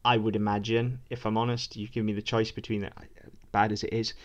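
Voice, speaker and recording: A man co-hosting a podcast, talking quickly in casual chat with many ums and restarts. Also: fairly low pitch, little pitch movement, dull audio. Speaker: podcast co-host.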